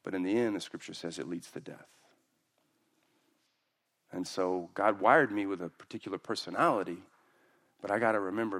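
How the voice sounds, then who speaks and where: A man preaching a sermon as pastor, acting out quoted voices with big jumps in pitch. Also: steady tone, moderate pace, pauses often, fairly bright tone.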